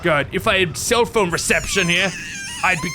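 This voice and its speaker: A man's voice: high voice, wildly swooping pitch, normal speed, music in the background. A man commenting on his gameplay in a jokey, rambling way, easily startled and prone to yelps. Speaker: gaming video creator.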